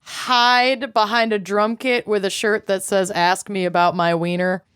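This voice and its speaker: Woman co-host, casual friends' chat, unhurried delivery, crisp dry sound, playful and profane. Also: mid-range voice, fairly even intonation, fairly bright tone, no room sound. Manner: playful, jokey, swears freely. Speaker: podcast co-host.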